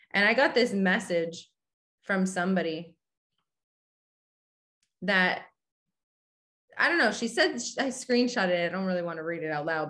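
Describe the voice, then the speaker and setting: A woman's voice: medium pitch, a bit bright. A woman hosting a podcast in a casual motivational talk, speaking candidly and bluntly, swearing casually and asking listeners whether they agree. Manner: addresses listeners directly, asks if they agree. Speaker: podcast host.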